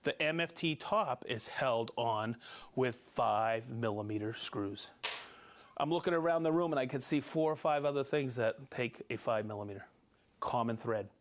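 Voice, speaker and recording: A man's voice: medium pitch, normal speed. A man hosting a live tool show, chatting casually, demonstrating gear and cheerfully reading out viewer names. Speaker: show host demonstrating tools.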